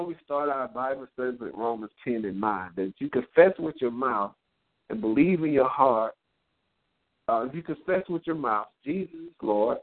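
A man leads a live Bible study, teaching in a preacherly way and dropping "amen" between his points. His voice sits at an ordinary pitch for a man. It comes through thin and narrow, like a call heard over a telephone line. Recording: tinny phone-line audio.

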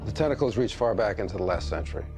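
A grave TV-drama narrator who unveils a hidden conspiracy. His voice is low and unhurried, solemn in every sentence. A clear music bed plays under him. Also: animated. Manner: solemn, measured delivery.

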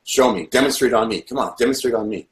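A man's voice: medium pitch, fast, lightly acted. A man quoting a mocking, bossy male officer in a retold story, in a roomy echo. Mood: taunting.

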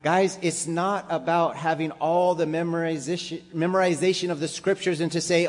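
A man's voice: a little high, moderate pace, few pauses, a little mellow. A man preaching a sermon to a congregation, building up to emphatic, repeated exhortations. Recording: long hall reverb.

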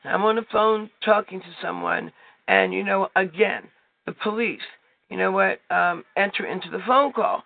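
High, gravelly man preaching over a phone line. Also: normal speed, dry recording. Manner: rambling, heavy with "you know what" fillers. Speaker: prayer call leader. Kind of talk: informal preaching on a conference call. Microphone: telephone.

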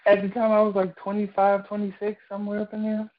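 A woman's voice: mid-range voice, monotone, quick pace. A young woman speaking in a casual chat, telling her story with animation and many fillers. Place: radio studio. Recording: muffled radio broadcast audio.

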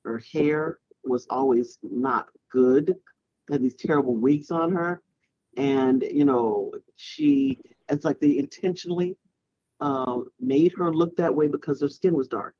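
A man co-hosting a casual panel chat, reflective and halting, with many "you know"s. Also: fairly high pitch, lively intonation, darkish tone, dry recording. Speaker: podcast co-host. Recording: dull lo-fi sound.

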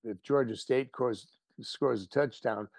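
A man guest on an interview show, chatting casually and telling stories with lively quoted voices. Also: medium pitch, measured pace, creaky, no room sound. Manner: animated storyteller, playful voices for quotes. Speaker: actor guest.

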